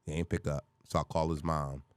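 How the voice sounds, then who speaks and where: A middle-aged man with a low, deep voice tells a personal story on a podcast. He talks casually and acts out the people in the story. His voice is close and dry, with no room sound. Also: brisk, smooth, dry recording. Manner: animated, acts out voices in his stories, curses freely. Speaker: comedian guest.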